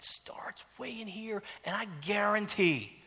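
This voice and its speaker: A middle-aged man preaching a sermon as a pastor, animated and self-mocking, dropping to near-whispers at times. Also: mid-range voice, moderate pace. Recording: long reverb of a church hall.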